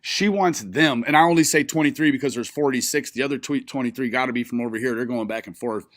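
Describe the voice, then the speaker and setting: Talking fast in a medium-pitched, slightly bright voice, a streamer ridicules the live video he's watching with plenty of cursing and regular fits of laughter. The recording is dry.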